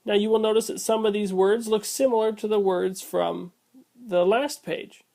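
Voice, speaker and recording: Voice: medium pitch, steady tone, normal speed, creaky, mellow. A Spanish class instructor narrating a slide lesson, explaining each rule step by step and repeating the key terms.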